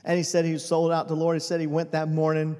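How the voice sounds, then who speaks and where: A man preaching a sermon as pastor, swinging between hushed and loud passages. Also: a little high, completely flat delivery, fast, in a large hall.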